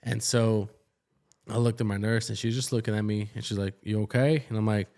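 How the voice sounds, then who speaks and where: A man's voice: fairly low pitch, brisk. A man in his thirties co-hosts a casual podcast and tells emergency-room stories. He acts out what other people said as he goes. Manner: animated, acts out quoted dialogue. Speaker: ER nurse, podcast co-host. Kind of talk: casual storytelling chat.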